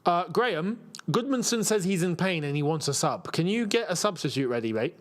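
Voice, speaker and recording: A young man from England hosts a live football watchalong, chatting with viewers in between the action. His voice sits a little high and swings lively in pitch. He yelps and cheers at every attack. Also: a little fast. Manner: excitable, reacts loudly to play, chatty with viewers. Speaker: football channel host. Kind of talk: live watchalong commentary and chat.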